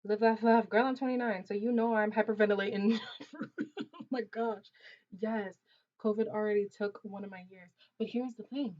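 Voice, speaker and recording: A woman's voice: mid-range voice, normal speed. Twenties woman streamer, chatty and slangy, laughs a lot, dull lo-fi audio. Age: 20s. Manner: chatty, animated, laughs often, loose slangy talk. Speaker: livestream host. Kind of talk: casual livestream chat reading viewer comments. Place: Ontario, Canada.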